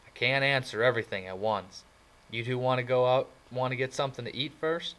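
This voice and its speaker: A man reading an audiobook and voicing a blunt, tough young male greaser with gruff, drawling talk. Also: mid-range voice, a little fast, fairly bright tone, pitched above the performer's own voice, lightly acted, poor audio. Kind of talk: audiobook character voice.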